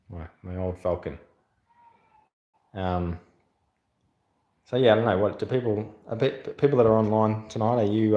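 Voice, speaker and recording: A man's voice: lowish voice, mellow. A man with an Australian accent, chatting casually on a livestream, rambling with lots of fillers and reading out viewer comments. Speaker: channel host doing a livestream. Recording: echoey room.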